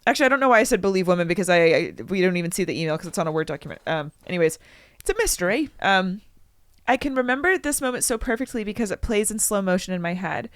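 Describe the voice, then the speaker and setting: Reading a listener's story aloud, a young adult podcast co-host keeps things chatty, breaking off to joke and comment and loudly performing the quotes. Her mid-range voice is expressive and rapid-fire, on a dry, studio-quality recording.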